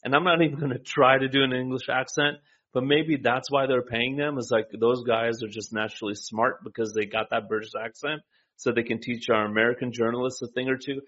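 A man's voice: mid-range voice, fairly even intonation, fairly quick, a bit bright. Easygoing man joking on a lo-fi talk show. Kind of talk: casual political talk.

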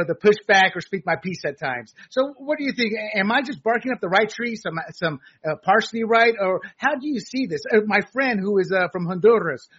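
A middle-aged man hosts a political talk show in an opinionated, lecturing tone, with plenty of filler words. His voice sits high and is husky. The sound is dull and lo-fi. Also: a bit bright. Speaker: host.

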